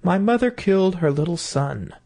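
A man's voice: high voice, lively intonation, moderate pace, creaky, dark tone, voice pushed up, full character voice. A man chanting as an eerie magic songbird. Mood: eerie singsong. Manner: lilting sung chant. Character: magic singing bird, a murdered boy reborn.

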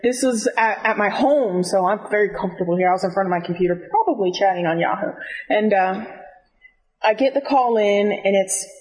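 A woman guest on a casual podcast, telling stories in a candid, animated way. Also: medium pitch, a little fast, low-quality recording. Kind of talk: casual chat.

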